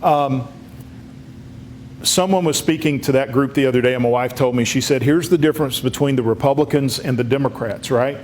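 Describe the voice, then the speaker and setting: A man's voice: mid-range voice, a little fast, darkish tone. Man giving a folksy political speech. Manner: folksy storytelling with many restarts. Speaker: congressman speaking at a luncheon.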